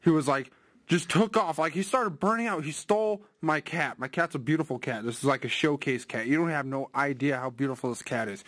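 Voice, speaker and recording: A man's voice: on the high side, a little fast, a bit bright, dry recording. Indignant young man on a prank call. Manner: insistent, indignant, exasperated. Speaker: prank caller.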